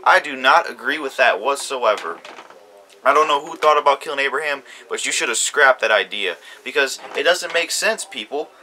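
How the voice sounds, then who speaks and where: A man rants with heat about what he just watched, circling back to the same complaints and swearing often. His voice is bright and forceful at a middling pitch, with a faint hiss and clicks under it. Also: lively intonation, moderate pace. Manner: heated, profane, repeats himself. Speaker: YouTube commentator. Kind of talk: ranting TV reaction.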